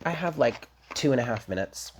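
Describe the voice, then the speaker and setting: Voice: mid-range voice, expressive, fairly quick, slight background noise. A tarot reader giving a casual daily reading, talking straight to viewers in a chatty, emphatic and blunt way with casual swearing.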